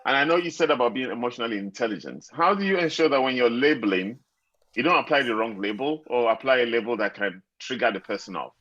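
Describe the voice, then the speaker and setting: A man's voice: mid-range voice, animated, fast talker, fairly bright tone. Man, audience question, hesitant, muffled distant call line. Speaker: audience member asking a question.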